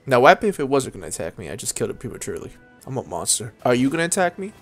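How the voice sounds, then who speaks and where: A young man giving casual, excitable, slangy commentary while playing a game, talking straight to the enemies he fights. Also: medium pitch, racing. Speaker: gaming video creator. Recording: voice over game music.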